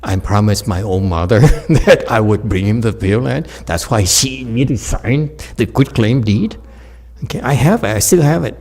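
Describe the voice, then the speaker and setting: Fairly low in pitch and a little mellow, his voice moves at a moderate pace with lively intonation. The man is a meditation teacher in the Buddhist tradition, delivering a casual dharma talk where he jokes, laughs a lot and talks directly to his audience.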